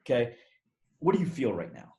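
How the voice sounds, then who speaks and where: Brief: casual male interview guest, lively storyteller, salty language, average pitch. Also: a little fast, gravelly. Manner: animated, rambling, swears casually. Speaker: podcast guest.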